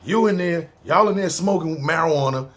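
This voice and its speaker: A man's voice: on the high side, fairly quick, fairly bright tone, lightly acted. A man with a New York accent quoting an uptight, easily offended young man, preachy and indignant.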